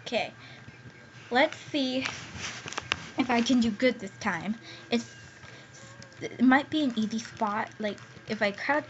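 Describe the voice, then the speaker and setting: A young woman giving excitable gameplay commentary as a gaming YouTuber, squealing and pleading when scared. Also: fairly high pitch, takes it slowly, long pauses. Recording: dull lo-fi home recording with faint hiss.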